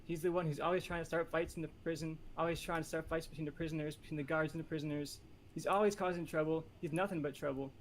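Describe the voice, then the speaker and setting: A man pitching a movie idea on a comedy podcast, rambling and joking with many fillers. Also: steady tone, fast talker, a little hiss or hum. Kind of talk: casual comedic podcast chat.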